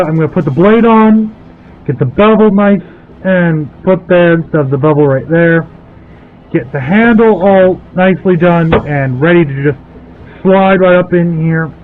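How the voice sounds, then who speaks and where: A man narrates his workshop project in an unhurried, meandering way, thinking out loud as he goes. His voice sits a little high. It comes through a tinny, phone-like headset sound with faint music in the background. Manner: rambling, thinking aloud. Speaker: blacksmith vlogger. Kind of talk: casual workshop commentary.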